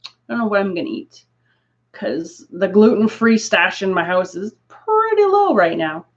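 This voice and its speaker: This woman's mid-range voice has a sing-song quality and moves at normal speed. She's from Canada and is chatting casually on a craft livestream, laughing often and drifting into asides. Audio is dull lo-fi stream quality.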